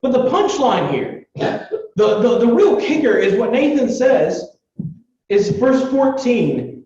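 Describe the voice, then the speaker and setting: A young man giving a casual, chatty Bible lesson, retelling the story with lots of fillers and animated asides. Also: very high-pitched, slow. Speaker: Bible teacher. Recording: distant echoey lo-fi recording.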